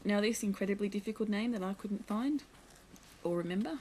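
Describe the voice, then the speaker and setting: A woman's voice: mid-range voice, a little fast, dark tone, slight background noise, poor audio. A young woman vlogging at home, chatting casually as she shows and reads from a children's picture book, full of playful asides.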